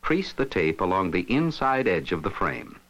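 A man with a somewhat low voice narrates an instructional film. His delivery is scripted and methodical, with a lively, rising and falling pitch as he explains each step. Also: normal speed, rough recording.

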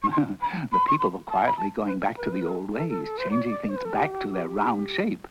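A man reading a children's story aloud in a lively, expressive, cosy manner. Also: fairly low pitch, unhurried. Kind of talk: storybook narration. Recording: dull lo-fi recording with loud music.

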